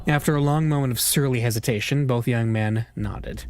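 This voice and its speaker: A man reading a story game's text aloud in an even narrating voice. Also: medium pitch, moderate pace, hardly any pauses, slight background noise. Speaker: let's-play narrator.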